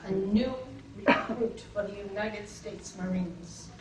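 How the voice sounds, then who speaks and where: An older woman from Massachusetts telling a personal story, expressive and wry, acting out the scenes, recorded far from the mic in an echoey room. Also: mid-range voice, takes it slowly, very noisy.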